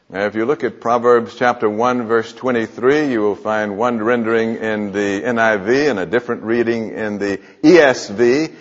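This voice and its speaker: Man preaching in an echoey church. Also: fairly low pitch. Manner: earnest, rhetorical questions, pauses. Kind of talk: sermon. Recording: muffled echoing church hall.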